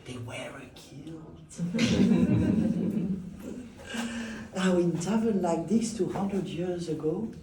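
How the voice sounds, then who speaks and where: A man's voice: fairly high pitch, very slow, pauses often, distant mic, noisy background. A man leading a guided tour and telling its stories in a theatrical manner, chuckling often. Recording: echoey room from afar with faint ambience.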